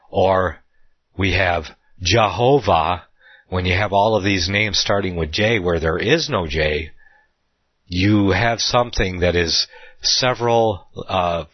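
A man giving an unscripted Bible study talk, rambling with fillers and restarts, slowing down to stress key words. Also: sits low, breathy edge, no room sound, muffled recording.

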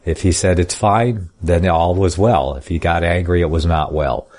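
Low-voiced male Bible teacher; reads scripture, then comments in a folksy, plainspoken way. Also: fairly even intonation, moderate pace, darkish tone. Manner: reads scripture in King James style then comments casually. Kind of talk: Bible study reading and commentary.

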